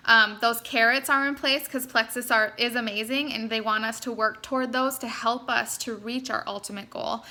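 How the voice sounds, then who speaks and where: A woman's voice: on the high side, steady tone, normal speed, hardly any pauses, bright, forceful tone. A young woman giving an earnest, encouraging motivational talk to her sales team, speaking straight to her listeners. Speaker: network marketing team leader.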